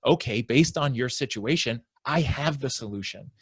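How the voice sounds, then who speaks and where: A man, a sales consultant, explaining his approach as a podcast guest and acting out his clients' worries in quick asides. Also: medium pitch, husky, no room sound, clean studio sound. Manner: animated explainer, acts out prospects' inner voices. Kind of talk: conversational interview.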